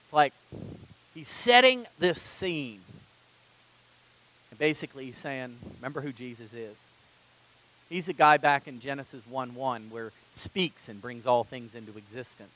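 A man preaching a sermon, moving between quiet, low passages and loud, emphatic bursts. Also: expressive, moderate pace, lo-fi sound. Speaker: pastor.

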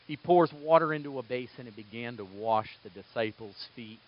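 A man preaching a sermon, moving between quiet, low passages and loud, emphatic bursts. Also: moderate pace, lo-fi sound. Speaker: pastor.

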